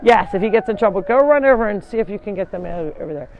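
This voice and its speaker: A woman's voice: mid-range voice, expressive, fast, narrow, tinny audio. A woman hosting a casual live tour of an animal sanctuary, chatting and breaking off to call animals over. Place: outdoors at a farm.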